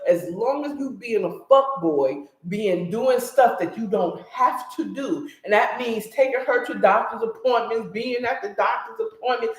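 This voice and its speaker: A woman casually recapping a story with blunt, opinionated commentary, talking straight to her listeners. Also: a little high. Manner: animated, blunt and opinionated, talks to listeners directly. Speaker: book recap host. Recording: roomy echo.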